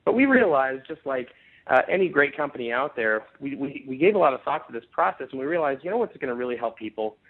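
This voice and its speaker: A man leading a network marketing conference call, giving an upbeat, emphatic sales pitch with frequent restarts. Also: animated, fast talker, husky. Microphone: phone conference call. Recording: tinny phone line.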